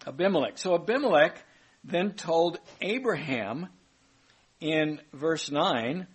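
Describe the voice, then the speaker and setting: A man's voice: fairly high pitch, animated, slow pace, breathy edge. A man giving a conversational Bible teaching, chatty and informal, correcting himself aloud as he goes.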